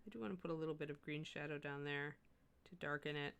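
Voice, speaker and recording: A middle-aged woman chats casually while she paints, her voice bright and forceful, sitting a little low for a woman. She talks in an animated, self-correcting way, thinking aloud as she works in her studio. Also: fast, vocal fry, clear, resonant tone. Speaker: miniature painting livestream host.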